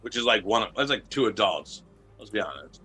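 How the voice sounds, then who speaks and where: A man's voice: lowish voice, expressive, a little fast, bright, forceful tone, slightly rough, faint music behind. A man being interviewed as a wrestling champion, talking in a brash, boastful, profane way and telling stories casually.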